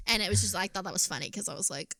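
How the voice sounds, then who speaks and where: A woman co-hosting a podcast, chatting casually and telling animated stories with plenty of swearing. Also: mid-range voice, very fast, no echo, clean studio sound. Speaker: podcast co-host. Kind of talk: casual chat.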